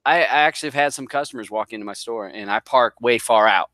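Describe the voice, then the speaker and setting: A man's voice: mid-range voice, fast, pushed and bright, no echo. A middle-aged man from the northern US, a guest telling a rambling, joking story in a casual way. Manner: rambling, self-deprecating, jokes around.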